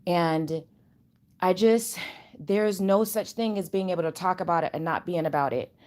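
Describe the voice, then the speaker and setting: A woman chatting at home in a casual spiritual vlog, animated and rambling, with loose slangy talk. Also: on the low side, normal speed. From Chicago area. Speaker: channel host.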